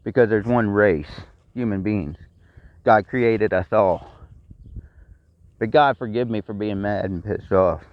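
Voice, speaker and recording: A man's voice: on the low side, unhurried, pauses often, dry recording. Angry profane Texan man ranting. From Texas. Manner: blunt and profane, repeats himself. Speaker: vlogger. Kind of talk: angry personal rant. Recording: dry, dull lo-fi sound.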